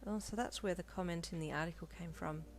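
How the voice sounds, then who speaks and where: A woman voicing a gentle, earnest young male hero in an audio fanfiction, soft and reassuring. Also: fairly low pitch, fast, slight background noise, natural voice. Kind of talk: audio fanfiction role-play.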